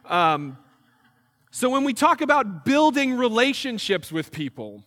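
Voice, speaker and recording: Young male missionary speaker with a high voice, animated and humorous. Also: a little slow, big-room sound. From New York. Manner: animated, jokey storytelling with acted-out asides. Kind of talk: ministry presentation to a church group.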